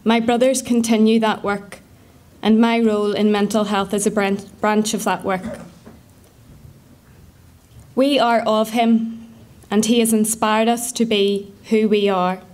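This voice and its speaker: A woman's voice: fairly high pitch, level tone, takes it slowly, pauses often, a little mellow. Earnest Northern Irish woman reading a tribute. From Northern Ireland. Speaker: speaker remembering her father.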